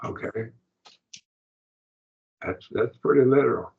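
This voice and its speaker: A man's voice: medium pitch, takes it slowly, vocal fry, slightly rough, phone-quality sound. A man teaching a Greek grammar class, explaining patiently and often checking that students follow. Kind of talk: classroom lesson.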